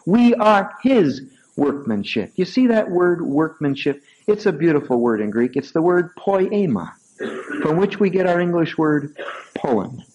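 Older pastor preaching with rising emphasis. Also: male voice, a little high, lo-fi sound. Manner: storytelling, animated swings from soft asides to raised emphatic peaks. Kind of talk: sermon. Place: church sanctuary.

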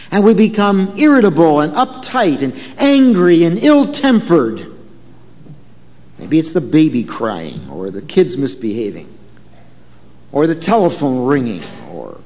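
A man's voice: high-pitched, darkish tone, in a large hall. A man preaching a sermon in a conversational way, telling a story and asking the congregation questions. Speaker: pastor.

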